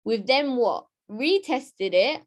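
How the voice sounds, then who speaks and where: A woman's voice: fairly high pitch, slow. Woman running a live trading class, chatty and upbeat, keeps checking in with the chat. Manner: lively, chatty, keeps asking "right?"; talks straight to her chat audience. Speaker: trading educator. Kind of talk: live-streamed chart lesson.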